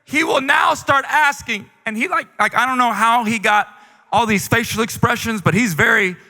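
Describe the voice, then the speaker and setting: A male pastor with a high, bright voice delivers an animated, joking sermon. His words ring out with the long reverb of a large church auditorium. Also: normal speed. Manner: animated, humorous storytelling.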